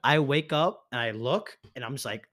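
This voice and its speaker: In a casual chat, this young guy hosting a podcast spins an animated, rambling party story, swearing and leaning heavily on the filler "like." He talks at normal speed with a medium-pitched voice.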